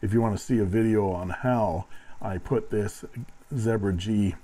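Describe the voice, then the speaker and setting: A man's voice: fairly low pitch, steady tone, measured pace, dark tone, low-quality recording. A man narrating a fountain pen review, with dry, wry humor between demonstrations.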